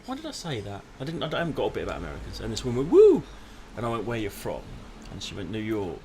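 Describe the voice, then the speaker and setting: A man's voice: on the low side, very animated, very fast, a little hiss or hum. A man co-hosting a live comedy podcast, telling rambling anecdotes in casual chat. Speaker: podcast co-host.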